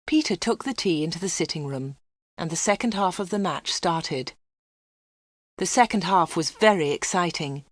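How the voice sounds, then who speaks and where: Female narrator for a learner's storybook, steady clear reading, dry. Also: lowish voice, moderate pace, dry recording.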